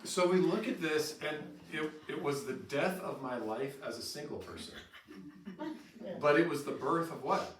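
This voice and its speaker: A middle-aged man leading a staff training session, telling lively stories and acting out quotes. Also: a little high, normal speed. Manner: animated storyteller who acts out quotes with laughter. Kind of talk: in-service training talk. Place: training room with an audience. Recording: roomy echo from far off, faint noise.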